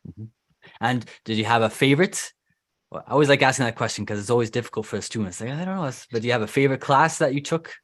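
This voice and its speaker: A man who teaches English, hosting a relaxed interview with a former student and often answering with short backchannels. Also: medium pitch, quick pace. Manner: relaxed, chatty, many "mm-hmm" backchannels. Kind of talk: casual interview chat.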